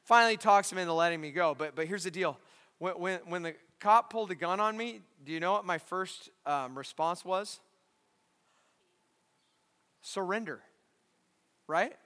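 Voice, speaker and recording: Long reverb trails after this male pastor's high, smooth voice as he preaches in a large church at normal speed, leaving long pauses. He's from California and tells his story animatedly, voicing the characters and shouting at the climaxes.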